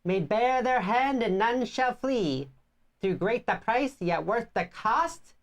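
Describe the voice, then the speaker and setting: A woman's voice: a little high, animated, dull audio, pitched above the performer's own voice. A woman putting on a solemn old elder woman. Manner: slow, measured proclamation.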